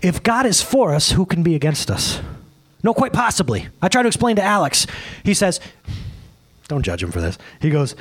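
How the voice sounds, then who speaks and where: A male pastor preaching a casual sermon, excitable and rambling, often laughing at himself. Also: fairly high pitch, moderate pace, breathy edge.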